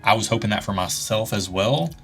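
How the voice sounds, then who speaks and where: Man, co-host of a whiskey review show, casual and joking, lower pitch. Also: brisk, soft background music. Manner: relaxed, joking, chatty. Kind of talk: casual chat.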